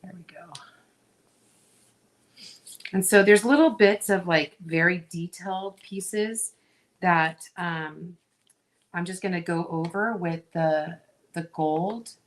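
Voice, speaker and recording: A middle-aged woman talks her viewers through a craft project in a slow, unhurried way, often breaking off with small asides and fillers. Her voice sits fairly low for a woman and stays relaxed and conversational. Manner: chatty, talks to viewers while working, frequent fillers. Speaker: craft video host. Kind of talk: casual crafting demonstration.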